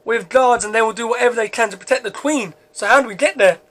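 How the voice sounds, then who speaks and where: A blunt, skeptical young man, voiced by a man reading his own script. The pitch sits very high, and the lines come out with plain stumbles. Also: quick pace, fairly bright tone. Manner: reads lines aloud with stumbles and restarts.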